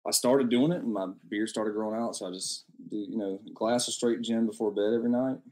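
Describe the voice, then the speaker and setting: A man's voice: fairly low pitch, steady tone, brisk, a little mellow. A young man, a country singer guest in a casual podcast chat, laid-back and self-mocking, often trailing off. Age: young adult.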